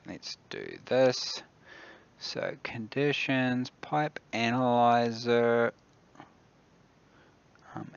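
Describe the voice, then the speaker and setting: A man's voice: medium pitch, vocal fry, clean tone, dull audio. A man with a New Zealand accent who hosts a game dev stream from his office, muttering to himself and thinking aloud as he builds things in the game. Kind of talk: casual livestream commentary while demoing a game.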